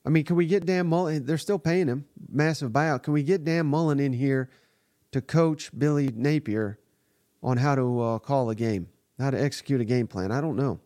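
A man's voice: mid-range voice, moderate pace, darkish tone, no room sound, clean studio sound. Blunt, exasperated male podcast host. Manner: blunt, exasperated, profane commentary. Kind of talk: live sports reaction podcast.

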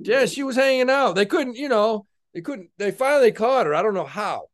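A man co-hosting a casual podcast, loud and excitable, swearing often as he tells stories. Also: high voice, fairly quick. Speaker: podcast co-host. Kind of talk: casual crude banter.

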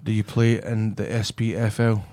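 A Scottish man in casual banter, guessing a mystery guest, swearing freely and laughing loudly. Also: on the low side, level tone, moderate pace.

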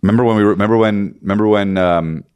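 A man's voice: on the low side, fast talker, a little mellow, clear, resonant tone, no echo. A man co-hosting a comedy podcast, rambling and joking in casual chat with lots of restarts. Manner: rambling, stumbling, jokey. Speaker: podcast co-host.

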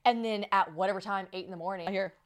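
A young woman, hosting a podcast and telling a story in rapid, giggly casual chat. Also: mid-range voice, steady tone, a little hiss or hum. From South Carolina. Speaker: podcast host.

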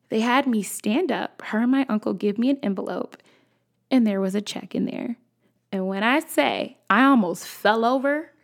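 A young woman tells a personal story as a podcast host, casual and animated, talking straight to her listeners. Her voice sits at a middle pitch with a noticeable gravelly fry running through it. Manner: animated, conversational, addresses listeners as y'all.

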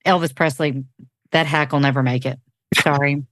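A woman's voice: low voice, steady tone, normal speed, a bit bright, no room sound, clean studio sound. Sarcastic female podcast co-host. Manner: sarcastic, teasing. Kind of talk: casual podcast banter.

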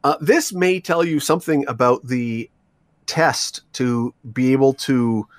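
A Canadian man co-hosts a radio show, his medium-pitched voice moving a little slowly as he relays news stories. His casual talk rambles, full of asides and restarts. There's no room sound on the recording.

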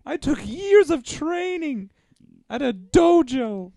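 A man's voice: very high voice, very animated, vocal fry, mellow, no echo, studio quality, heavily acted. A man putting on the voice of a dim oddball character in an improv comedy bit, blurting random remarks. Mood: goofy. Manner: slow, random non sequiturs.

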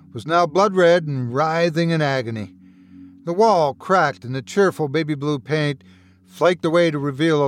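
A man reading a horror story aloud as podcast host, in a dramatic, expressive manner. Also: fairly high pitch. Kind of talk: scripted horror narration.

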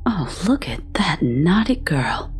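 A woman's voice: deep voice, big pitch swings, takes it slowly, darkish tone, slight background noise, full character voice. A woman voicing an eager, coaxing male candy shopkeeper in a storybook reading. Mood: menacing. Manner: coaxing, wheedling.

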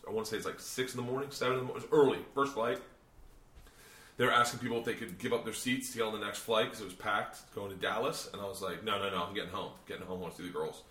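Fast-talking man telling rowdy stories. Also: on the low side, a bit bright. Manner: profane rambling storyteller. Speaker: podcast host. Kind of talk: casual chat among comedians. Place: hotel room. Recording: echoey room.

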